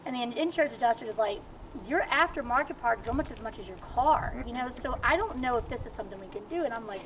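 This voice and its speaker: A woman with a Virginian accent, a guest in a casual outdoor interview, telling stories in an animated, chatty way. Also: fairly high pitch, fast. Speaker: guest, amateur racer. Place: outdoors at a car show. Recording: distant mic, dull sound, faint noise.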